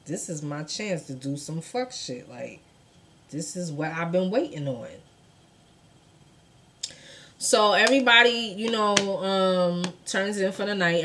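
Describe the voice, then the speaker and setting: Young woman, casual storyteller, fairly low voice, animated, profane, loud bursts on quotes. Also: slight background noise. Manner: animated, profane, acts out quotes with big swings in loudness. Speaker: true crime storyteller.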